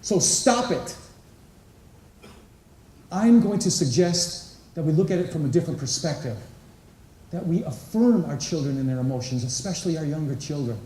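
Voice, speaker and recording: A man's voice: fairly high pitch, lively intonation, fairly quick, mellow. A man giving an inspirational talk at a conference, engaging the audience with questions and acting out quotes. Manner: engaging, asks the crowd questions and acts out quotes. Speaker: conference speaker. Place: large conference hall. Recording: echoey hall, voice picked up from a distance.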